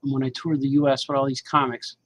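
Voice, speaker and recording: A man's voice: mid-range voice, flat delivery, fast, background noise. Rambling man musing while he draws. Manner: talks to himself, musing and joking, says "man" often. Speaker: cartoonist drawing on camera. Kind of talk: rambling casual monologue while drawing.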